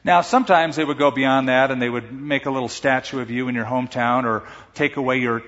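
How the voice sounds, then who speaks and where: At a fairly quick pace, a man with a medium-pitched voice and fairly even intonation preaches as pastor. He is emphatic, building to strong peaks with sharp swings in volume. The sound is dull and muffled, with the echo of a hall.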